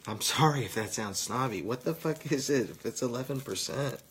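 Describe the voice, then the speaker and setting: Stoned man, mid-pitched, loose profane live-vlog rambler, faint background hum. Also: animated, fairly quick, fairly bright tone. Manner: rambling, profane, rowdy banter with viewers. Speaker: vlogger.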